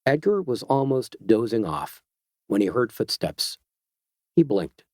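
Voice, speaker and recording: A man narrating an audiobook in a measured, even storytelling voice. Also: on the low side, dry recording, clean studio sound. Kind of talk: scripted narration.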